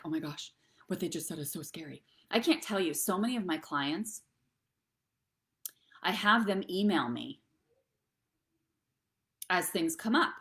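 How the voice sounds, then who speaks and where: Female host with a low voice, earnest and encouraging, speaks to camera for a live online show. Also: sharp tone. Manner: earnest, encouraging, addresses viewers directly. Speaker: host and therapist.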